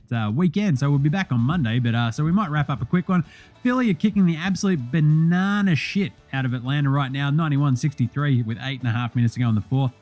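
A young Australian man hosting a sports podcast, rattling through results in a profane, excitable, joking way. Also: fairly high pitch, fast, soft background music. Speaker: podcast host.

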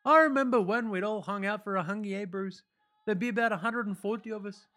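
A man's voice: high-pitched, quick pace, sharp tone, pitched above the performer's own voice. A man voicing a laid-back young New Zealand sportsman reading his diary aloud, with a put-on New Zealand accent and a drawl that tacks "eh" and "bro" onto his lines. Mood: easygoing.

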